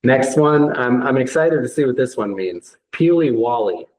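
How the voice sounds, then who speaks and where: A man's voice: mid-range voice, expressive, moderate pace, a little mellow, low-quality recording. A man with an American accent hosting a casual interview, upbeat and curious as he asks about slang. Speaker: host.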